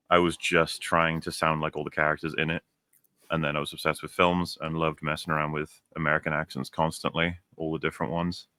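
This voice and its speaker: Welsh guy, deep but bright edgy voice, chatty, laughs a lot. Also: no echo. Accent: mild South Welsh. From South Wales. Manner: chatty, laughs at his own stories. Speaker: co-host. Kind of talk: casual chat.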